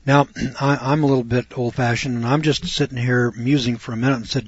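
A man's voice: mid-range voice, fairly even intonation, brisk, slightly rough, dry recording. An older man teaching from the Bible in a folksy, chatty way, full of rhetorical questions. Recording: dull dry lo-fi recording.

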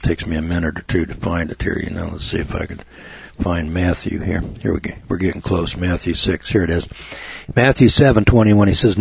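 A man preaching an informal sermon as a lay preacher, blunt and folksy with rough language. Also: low voice, fairly even intonation, a little fast, no room sound, highs cut off.

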